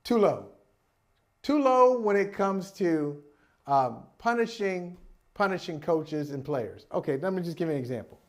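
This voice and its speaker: A man with a notably high voice for a male speaker hosts a casual sports talk show. He argues animatedly and circles back over his phrases as he builds up a point. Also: lively intonation, unhurried.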